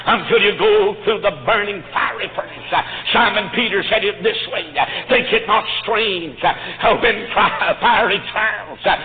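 A man's voice: high-pitched, moderate pace, few pauses, phone-quality sound, faint music behind. A man preaching a fervent sermon, punctuating his phrases with "uh". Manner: fervent, with frequent "uh" between phrases.

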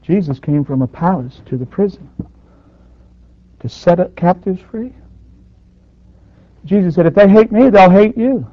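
A man preaching a sermon, surging loud on his points and dropping to near quiet, with dynamic swings in force. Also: high-pitched, measured pace, long pauses, dry recording. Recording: dull dry lo-fi recording.

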